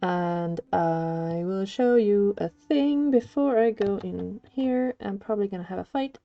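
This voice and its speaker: Unhurried and barely pausing, a woman chats playfully with her viewers during a casual gaming livestream, gushing over anything cute and switching into squeaky voices. The audio is dry, slightly dull, and lo-fi.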